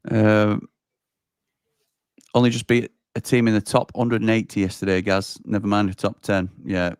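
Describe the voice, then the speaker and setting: A man's voice: on the low side, monotone, normal speed, a little mellow, smooth, no room sound, clean studio sound. A man co-hosting a football watchalong, chatting casually about the match and reading out viewer questions. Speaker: watchalong co-host. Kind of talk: casual match commentary chat.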